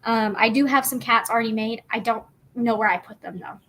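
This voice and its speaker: A young woman talks through her craft livestream in a chatty, bubbly ramble full of fillers. Her voice sits a little high. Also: a little fast, sharp tone. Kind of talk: casual livestream chat.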